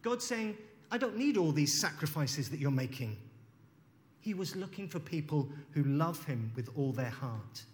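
Guy preaching slow and thoughtful, voice a bit high, lots of hall echo. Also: expressive, darkish tone. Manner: slow, reflective, reading scripture aloud. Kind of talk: sermon. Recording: long hall reverb.

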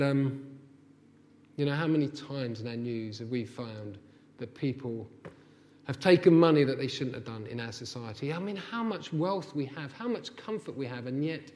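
A man preaching a sermon, impassioned and building to forceful, near-shouted peaks. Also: medium pitch, in a large hall. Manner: impassioned, rising to near-shouts when voicing God's anger.

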